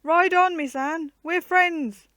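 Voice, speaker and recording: A woman's voice: fairly high pitch, normal speed, dry recording, close to an everyday voice. Headstrong young man, read by a woman, curt and blunt; storybook reading. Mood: shouting.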